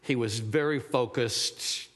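A man's voice: medium pitch, slow pace, fairly bright tone. A man preaching a sermon, rambling and searching for words, then rising to emphatic fervor. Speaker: pastor. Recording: long hall reverb.

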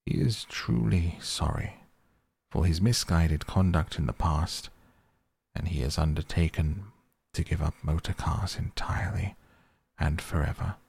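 A man voicing a stern, dignified old male badger who speaks gravely and firmly. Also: low-pitched, a little mellow, no room sound, heavily acted. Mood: solemn. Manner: grave, firm and measured.

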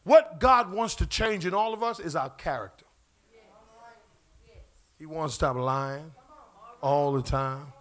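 A man's voice: on the high side, unhurried, pauses often, a bit bright. A pastor preaching a sermon in church, casual and slangy, asking the congregation questions as he goes. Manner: call-and-response preaching, asks the crowd questions.

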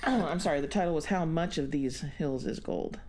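A woman co-hosting a casual podcast chat, talkative and quick to laugh, often putting on a high squeal to act out her own reactions. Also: a little mellow, slight background noise. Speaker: podcast co-host.

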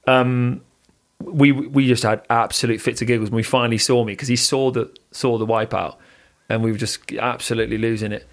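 A man's voice: mid-range voice, brisk. Laid-back enthusiastic male podcast co-host. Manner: calm guided breathing instructions. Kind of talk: casual chat.

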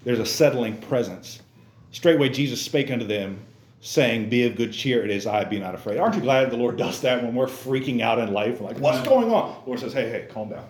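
A man preaching a casual, animated sermon in church, acting out characters in exaggerated voices and using youthful slang. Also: medium pitch, fairly quick, reverberant. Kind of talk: lively sermon.

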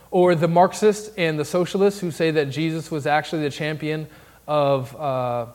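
A man's voice: a little high, fairly even intonation, moderate pace, a little mellow. A man with a Southern accent preaching a sermon as a candidate for pastor, building his points into emphatic lists.

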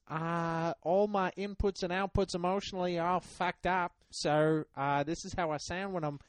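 A man puts on a goofy grown Australian man who gets silly when angry, his voice pushed way up high and thin. It is played for laughs in a dry, close, podcast-style recording with no room sound. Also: steady tone, racing, mellow, no echo, close to an everyday voice. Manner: silly, exaggerated, jokey. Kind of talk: comic podcast impression.

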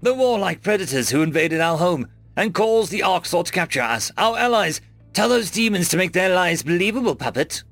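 Man playing a scornful caged alien, sneering, voice pushed up high, animated pitch. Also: moderate pace, no room sound, soft background music, exaggerated voice.

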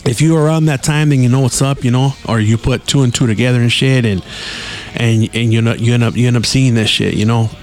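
A man's voice: medium pitch, fairly even intonation, fast, a little mellow, faint music behind. Profane, slangy man telling stories. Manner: profane, slangy, drops Spanish words. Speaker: podcast host. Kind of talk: casual solo storytelling.

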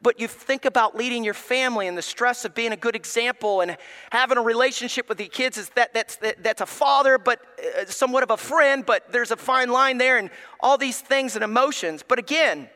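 A male pastor preaching in a church with an unusually high, bright voice. He is emphatic and speaks straight to the congregation, and his voice trails off into a long reverb in the sanctuary. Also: fairly quick. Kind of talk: sermon.

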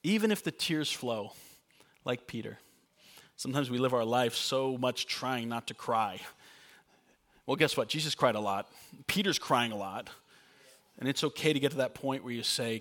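Young male pastor, sermon delivery, earnest and chatty with light humor, middle pitch. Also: lively intonation, moderate pace, long pauses, fairly bright tone. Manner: earnest, conversational, with playful asides.

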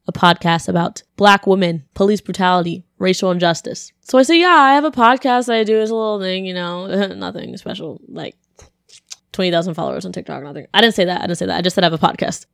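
A young adult woman hosting her podcast, telling a story casually and lively, acting out the people she quotes and laughing often. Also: fairly low pitch, quick pace, gravelly, no room sound, clean studio sound. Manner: animated, acts out quoted voices, laughs often. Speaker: podcast host.

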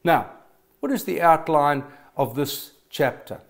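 Storytelling male preacher, higher voice. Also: animated, slow pace. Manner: storytelling, emphatic with stammered restarts. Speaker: pastor. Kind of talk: sermon.

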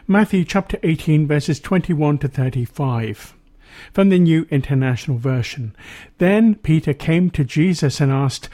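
A man presenting a Christian radio show, reading Bible passages and preaching in a measured, earnest way. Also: a little high, expressive, warm tone.

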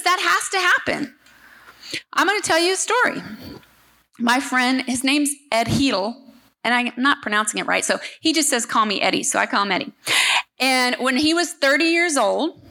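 A middle-aged woman preaching at a church service in a high voice with a bright, sharp edge. She speaks emphatically and turns often to the congregation, checking that they are following her. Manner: emphatic, talks directly to the congregation. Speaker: guest speaker. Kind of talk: sermon.

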